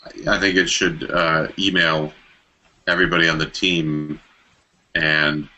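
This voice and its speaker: A man's voice: a bass voice, level tone, measured pace, sharp tone, muffled recording. A man co-hosting a podcast, chatting casually about tech with dry jokes. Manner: dry joking, matter-of-fact. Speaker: podcast co-host.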